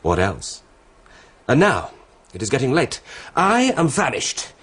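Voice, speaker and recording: An actor playing a boastful, hearty French hussar captain in a radio drama, theatrical and quick to laugh. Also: male voice, mid-range voice, wildly swooping pitch, fairly bright tone, breathy edge, exaggerated voice. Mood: genial.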